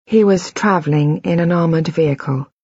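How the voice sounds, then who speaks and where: A woman voicing a calm, gentle husband, speaking softly and haltingly in a husky voice. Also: deep voice, no room sound, muffled recording. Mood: somber. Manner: soft, slow, halting delivery. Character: gentle, composed middle-aged husband.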